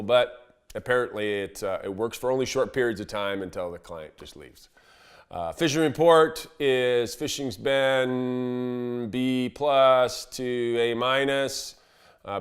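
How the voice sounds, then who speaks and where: A man's voice: mid-range voice, clear, resonant tone. A man working as a fishing guide, telling a story in a laid-back, casual way and chuckling as he goes. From Montana. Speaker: fishing guide giving a fishing report.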